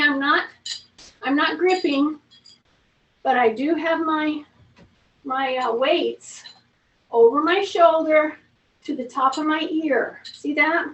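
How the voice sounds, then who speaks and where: Slow-talking high-voiced woman fitness instructor. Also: a bit bright, far from the mic. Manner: chatty, coaching, calls out breath and reps. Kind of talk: seated strength workout class. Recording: roomy, from off-mic, faint noise.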